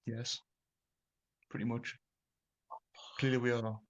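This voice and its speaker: A man joining a live-stream seance as a guest medium, low-key with dry remarks. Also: level tone, slow pace, fairly bright tone, muffled recording. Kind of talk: casual live-stream chat.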